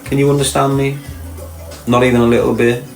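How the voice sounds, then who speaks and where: A man's voice: mid-range voice, level tone, a little fast, a little mellow. A man with a Liverpool accent chatting casually on a podcast, rambling and throwing in rhetorical questions. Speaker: podcast host. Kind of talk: casual chat. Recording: echoey room with faint music.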